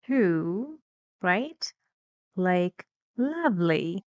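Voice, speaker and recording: A woman teaches pronunciation with careful, drawn-out words, repeating each one so students can follow. She speaks unusually slowly. The sound is dry and a little dull. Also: mid-range voice, animated, a little mellow, no room sound. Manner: slow, deliberate, repeating each word for practice. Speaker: English teacher. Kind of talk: pronunciation lesson.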